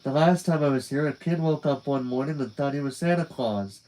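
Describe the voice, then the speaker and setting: A man's voice: mid-range voice, fairly quick, warm tone, lightly acted, low-quality recording. A man reading the lines of a blasé teenage girl patient in an offhand, matter-of-fact way.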